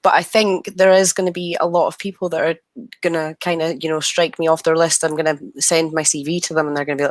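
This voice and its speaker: A young Scottish woman on a video call, telling her story in animated casual chat and acting out the quoted exchanges. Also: low voice, fast, no room sound. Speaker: guest.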